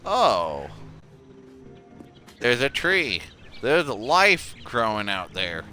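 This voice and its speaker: Slow, bright-toned male streamer. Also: medium pitch, very animated, faint music behind. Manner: muttering to himself, drifting between mumbles and sudden outbursts, swears. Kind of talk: gameplay commentary.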